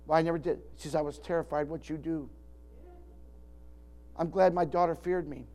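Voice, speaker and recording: A man's voice: fairly high pitch, steady tone, moderate pace, darkish tone. An older man preaching a sermon in a folksy, rambling way, often restarting his sentences. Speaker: pastor.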